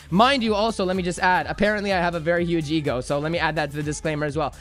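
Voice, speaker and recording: High-voiced man rambling on a livestream. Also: animated, fast, few pauses, a bit bright, faint music behind. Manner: rambling, joking, self-deprecating, with many restarts. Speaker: crypto trading streamer. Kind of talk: casual livestream chat answering viewer questions.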